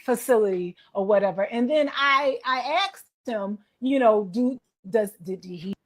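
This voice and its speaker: A woman's voice: medium pitch, moderate pace. A woman in a social media clip telling, indignantly, how she felt disrespected. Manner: indignant, aggrieved. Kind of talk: casual storytelling.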